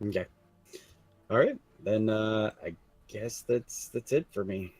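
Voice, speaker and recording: A man playing a tabletop game, describing his character's moves in a hesitant, halting way. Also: lowish voice, darkish tone, breathy edge, no room sound, faint music behind. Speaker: player.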